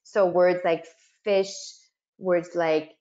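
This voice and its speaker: A woman's voice: lowish voice, level tone, takes it slowly, warm tone, lo-fi sound. A middle-aged woman giving an instructional webinar, explaining and sounding out speech sounds for educators. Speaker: webinar facilitator.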